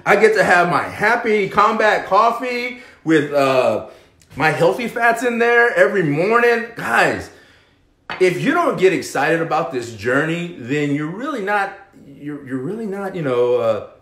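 A man with a fairly high voice, speaking a little slowly in a roomy-sounding space, hosts a fitness live stream and delivers a motivational pep talk. He's animated, swinging between loud and hushed, and keeps asking "okay?" and "right?" between points.

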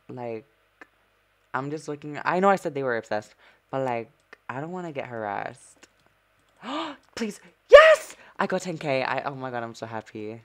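A man's voice: medium pitch, creaky, fairly bright tone. A man giving sassy, chatty gameplay commentary as a streamer, breaking into sudden squeals of surprise. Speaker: gaming streamer.

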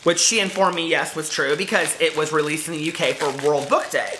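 A woman book vlogger chatting casually to camera in a gushing, excitable way, exclaiming often. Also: mid-range voice, brisk, slight background noise.

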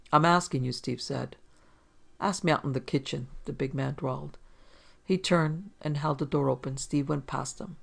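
A man narrating a hardboiled detective story at a measured, deliberate pace. His voice has a strong gravelly rasp all the way through. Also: fairly high pitch.

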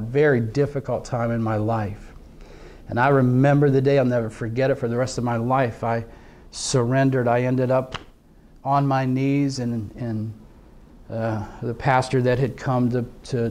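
A middle-aged man preaching a sermon, telling his own story earnestly, swinging from quiet, halting moments to emphatic lines. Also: mid-range voice.

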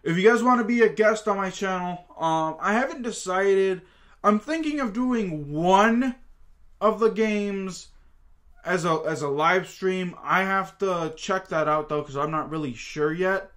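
A man with a fairly high voice talks through his sports picks in a loose, casual way. He rambles, circles back and fills gaps with plenty of asides. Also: a little slow, fairly bright tone. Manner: rambling, chatty, lots of fillers and asides. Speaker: channel host. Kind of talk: casual sports prediction talk.

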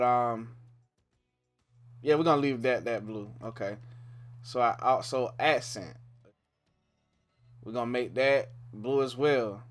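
A young man giving a laid-back, casual walkthrough of a video game, thinking aloud with frequent "man" and "um". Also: mid-range voice. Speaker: gaming YouTuber. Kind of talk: casual game tutorial commentary.

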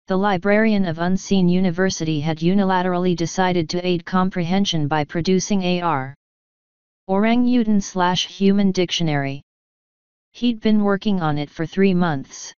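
A woman reads an audiobook in a measured, dry manner, her voice smooth, very clear and set a little low. The sound is close and dry, but dull and lo-fi. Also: a little mellow, no room sound. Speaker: audiobook narrator. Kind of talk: audiobook narration.

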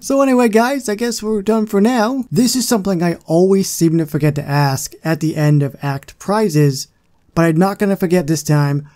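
Man, gaming channel host, casual gameplay commentary, chatty, self-deprecating, slightly high, mellow. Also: moderate pace.

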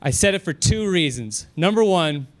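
A man doing a stand-up comedy set on a club stage, telling stories with animated delivery, jumping up high when excited and laughing along with himself. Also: normal speed.

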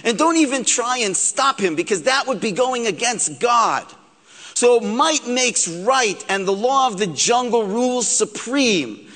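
A rabbi lectures with a joking, animated delivery. His voice sits high and swings widely. A long hall reverb trails behind him. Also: measured pace. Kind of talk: humorous sermon-style lecture.

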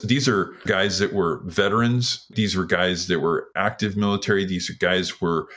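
A man's voice: deep voice, moderate pace, a bit bright. A man in his sixties from Washington State, a retired firefighter telling his story earnestly in an interview. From Washington State, USA. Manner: earnest, acts out others' words while telling a story.

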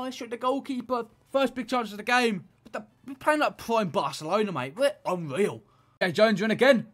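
A young man commentating his own football video game match, excitable and shouting at the referee. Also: high voice, moderate pace. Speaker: gaming YouTuber.

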